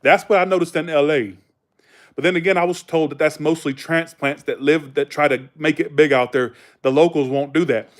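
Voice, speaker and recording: An American man hosts a livestream, chatting casually and rambling through anecdotes with plenty of fillers. His voice is fairly high and steady, and he speaks briskly.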